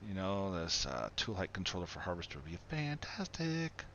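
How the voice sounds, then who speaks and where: A man's voice: deep voice, wildly swooping pitch, normal speed, a bit bright. A man chatting casually and rambling as he streams a farming game, laughing often. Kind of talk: casual live-stream commentary. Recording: dull lo-fi stream mic with faint noise.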